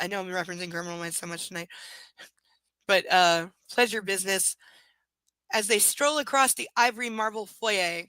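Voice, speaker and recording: A woman's voice: mid-range voice, sharp tone, smooth, dry recording, rough recording. A woman at home doing a live reading of a novel aloud, breaking off for wry, sarcastic asides. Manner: wry, sarcastic asides between read passages. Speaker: reader and host.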